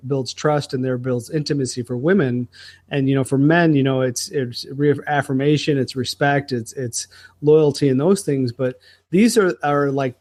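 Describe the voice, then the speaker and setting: A man's voice: mid-range voice, a little mellow, no room sound, studio quality. Earnest middle-aged man telling a story. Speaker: podcast co-host. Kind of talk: conversational podcast talk.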